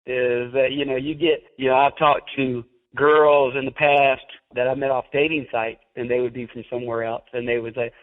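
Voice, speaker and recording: Man, Southern accent, chatty and laughing, mid pitch, tinny phone-line sound. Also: level tone, normal speed, hardly any pauses. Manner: chatty and laughing, many fillers. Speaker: podcast host. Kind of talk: casual chat.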